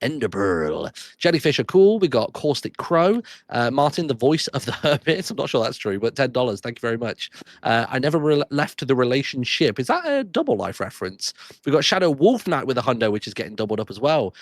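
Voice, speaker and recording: A man hosts a charity livestream and works through a long list of donations. He reads each donor name with a lively, up-and-down pitch and drops quick thanks and small asides between them. His voice sits at a middle pitch and sounds close and dry, with no room around it. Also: no room sound. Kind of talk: live donation readout.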